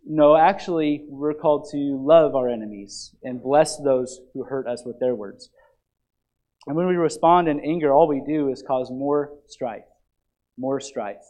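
A man's voice: medium pitch, measured pace, dark tone. A man teaching a Bible lesson in an earnest, emphatic way, repeating key phrases for stress.

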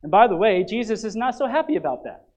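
A man preaching a sermon in a church, talking in an animated, emphatic way with frequent restarts. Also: high-pitched, fast, rough recording. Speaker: pastor.

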